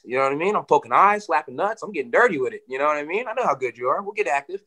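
A man talking quickly and brightly, words tumbling out as he recounts a grudge in a relaxed interview. He peppers everything with "you know" and curses freely, lively and blunt. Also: fairly high pitch. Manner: animated, swearing, lots of "you know". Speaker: fighter. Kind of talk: casual interview storytelling.

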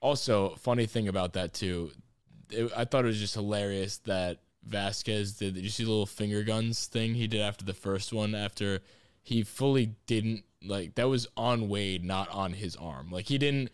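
A man co-hosting a casual sports podcast, excitable and swearing freely as he rambles. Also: on the low side, normal speed, clear, resonant tone, no echo. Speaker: podcast co-host.

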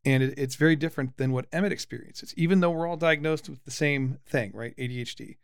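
Lively teasing father in his forties. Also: fairly high pitch, fast talker, creaky, smooth, no room sound, clean studio sound. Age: 40s. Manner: lively, teasing, with frequent restarts. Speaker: podcast host, father. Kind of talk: casual conversational podcast.

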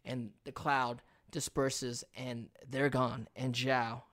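A young man co-host recaps an episode in casual chat, an animated storyteller who acts out moments as he goes. His delivery is conversational and energetic. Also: medium pitch, takes it slowly. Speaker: podcast co-host.

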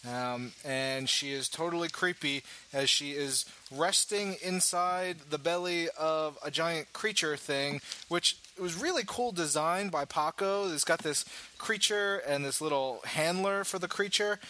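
A man hosting a casual chat about comic books, talkative and quick to laugh. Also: a little high, bright, forceful tone, rough recording. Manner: chatty, laughs often. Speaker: podcast host.

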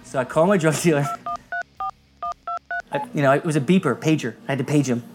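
A man's voice: on the high side, a little fast, music in the background. A man in his forties telling a wild party story as a podcast guest, swearing freely and laughing through it. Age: 40s. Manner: profane, laughing, animated retelling. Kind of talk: comedic storytelling.

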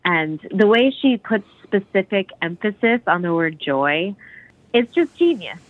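This woman co-hosts a podcast and discusses a song with casual enthusiasm, her speech full of restarts and fillers. Her medium-pitched voice is very animated yet a little slow, recorded as dull lo-fi audio without room sound.

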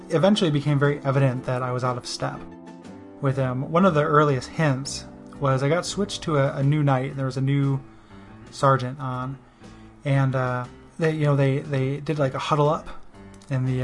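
Guy rambling thru a story about himself, lots of you knows, mid pitch, soft guitar music behind. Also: steady tone, normal speed. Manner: rambling, self-deprecating, heavy on "you know". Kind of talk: casual spoken monologue.

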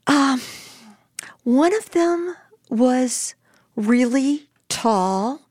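An older woman telling her own story in an interview, lively and animated as she acts out what was said. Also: high voice, drawn-out words, no room sound, clean studio sound. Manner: lively, animated retelling with voiced quotes. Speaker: storyteller guest.

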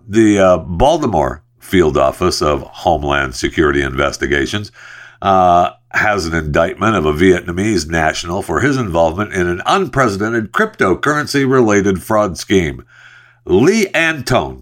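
Low-voiced sarcastic man riffing on news. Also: fairly bright tone. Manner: rambling, sarcastic asides, frequent uh fillers. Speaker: podcast host. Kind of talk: casual solo news commentary.

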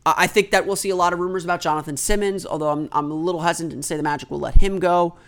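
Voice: mid-range voice, fairly even intonation, rapid-fire. A basketball analyst giving solo sports commentary, explaining trade rules in an explanatory, think-aloud way and stating opinions firmly.

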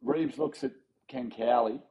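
A man's voice: medium pitch, a little slow, vocal fry, low-quality recording. A man in his forties with an Australian accent, telling a story as a guest in a casual podcast interview, acting out other people's lines and chuckling as he goes. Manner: animated anecdote-telling with quoted voices and chuckles. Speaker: former rugby league player, podcast guest.

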